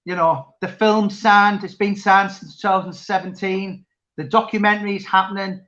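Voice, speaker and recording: A man's voice: high voice, level tone, moderate pace, fairly bright tone, lo-fi sound. A man chatting casually as interviewer, rambling with many restarts. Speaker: interviewer and author. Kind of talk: casual chat.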